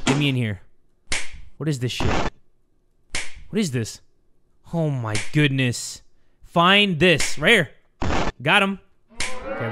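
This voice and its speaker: A man giving excitable let's-play commentary, shouting and swearing at the game. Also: high voice, noisy background. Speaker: gaming YouTuber.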